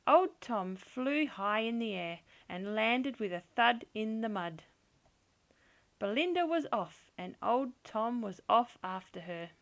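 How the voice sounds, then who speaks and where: A woman reading a children's picture book aloud in a slow, gentle, expressive storytelling manner. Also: fairly high pitch, creaky. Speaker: storybook reader.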